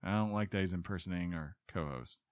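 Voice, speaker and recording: A man's voice: low voice, fast talker, clear, resonant tone, no echo. A man hosting a podcast in casual chat, joking and rambling with a self-mocking streak. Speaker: podcast host.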